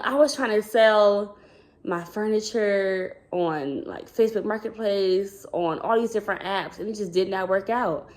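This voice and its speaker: Chatty woman vlogger with a lowish voice. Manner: chatty, rambling, addresses viewers as "y'all", acts out quoted dialogue. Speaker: vlogger, school counselor. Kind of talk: casual storytelling to camera.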